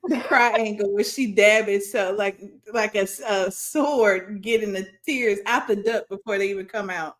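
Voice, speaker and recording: Brief: woman co-host, playful quick-witted banter, middle-pitched voice. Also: steady tone, fairly bright tone. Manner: joking, quick bursts of commentary. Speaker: podcast co-host. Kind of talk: casual chat.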